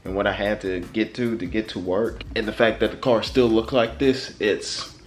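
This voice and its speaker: A young man hosting a casual car-care vlog, chatting in a relaxed, informal way with slang. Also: fairly low pitch, moderate pace, slight background noise. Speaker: car detailing vlogger. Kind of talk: casual product review vlog.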